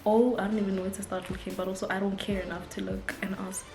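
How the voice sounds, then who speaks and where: A woman from South Africa with a South African accent, telling a story in a casual, animated vlog and laughing often. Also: mid-range voice, fast talker, roomy sound, music in the background. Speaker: vlogger.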